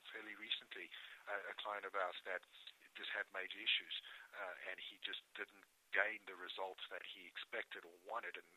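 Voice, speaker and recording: Low husky guy, folksy and pumped up, casual podcast chat. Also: flat delivery, moderate pace, bright, forceful tone, rough recording. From United States. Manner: enthusiastic, folksy, salesy reassurance. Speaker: health practitioner and product supplier.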